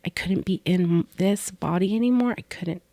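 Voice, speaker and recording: On a podcast she co-hosts, a middle-aged woman talks at normal speed in a voice on the low side, with no room sound. She candidly and softly relates a personal story, lowering to a whisper at painful points.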